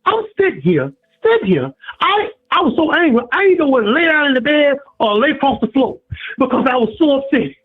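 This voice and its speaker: High-pitched man ranting over a phone line. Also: brisk. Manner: preachy, repetitive, animated storytelling. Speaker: caller. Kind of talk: impassioned call-in rant.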